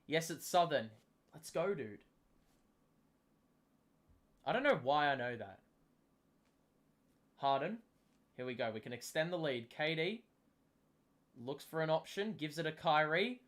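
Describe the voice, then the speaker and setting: Young man, slightly high voice, casual chatty stream host, excitable play-by-play. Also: unhurried, pauses often. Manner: excitable, gets loud calling big plays; chatty, self-deprecating. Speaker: streamer hosting a basketball watchalong. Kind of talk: live casual commentary, reading chat.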